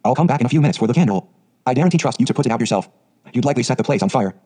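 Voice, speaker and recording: Stern, sharp-tongued middle-aged farm woman, played by a male reader. Clipped lines, mellow husky tone. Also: medium pitch, lively intonation, rapid-fire. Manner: curt, sharp, matter-of-fact.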